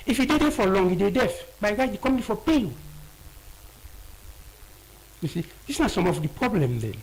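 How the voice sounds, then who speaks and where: A man speaking with a Sierra Leonean Krio accent gives an animated explanation, his voice rising and falling a great deal. There is a gravelly edge to his voice, and he often repeats key words as he guest-lectures in a radio studio. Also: high-pitched, normal speed, low-quality recording. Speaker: audiologist guest. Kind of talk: explaining on a radio health show.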